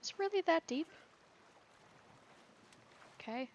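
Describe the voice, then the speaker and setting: In a lo-fi recording, a woman with an extremely high voice and lively intonation speaks slowly as she plays a survival game. A gaming video creator, she thinks aloud in a chatty, rambling manner, laughing frequently.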